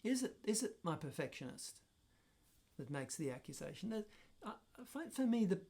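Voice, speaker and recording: A man's voice: high-pitched, very animated, moderate pace, creaky, a little mellow, breathy edge. A man talking reflectively on his own channel, thinking aloud and questioning himself as he goes. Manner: thoughtful, musing, self-questioning. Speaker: personal growth vlogger. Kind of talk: reflective solo talk to camera.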